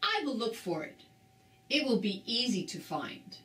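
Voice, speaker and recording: A woman voicing a big friendly male bird who is kind and eager, in a high sympathetic voice, reading a storybook aloud. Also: very animated, unhurried, fairly bright tone. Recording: roomy, distant mic.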